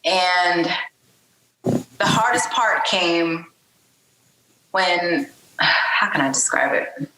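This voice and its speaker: A woman's voice: fairly low pitch, expressive, extremely slow, long pauses, roomy sound, noisy background. A woman speaking as a podcast guest in a candid personal interview, talking openly and conversationally with frequent fillers.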